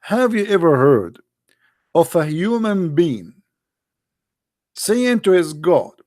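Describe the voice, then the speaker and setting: High-voiced sarcastic man. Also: very animated, slow pace, a little mellow. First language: Arabic. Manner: sarcastic, emphatic rhetorical questions. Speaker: religious critic. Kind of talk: polemical monologue.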